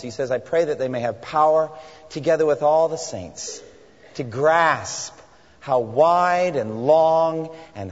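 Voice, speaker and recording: A man preaching a sermon in an earnest, reflective way, slowing down to stress key phrases. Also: on the high side. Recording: dull recording with long reverb in a hall.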